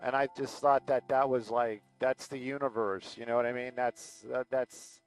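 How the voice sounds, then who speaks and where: A man's voice: medium pitch, fairly even intonation, moderate pace, smooth, soft background music, poor audio. A man hosting a live aerial stream, telling a casual, rambling story full of fillers and acted-out quotes. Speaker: aerial news pilot and livestream host.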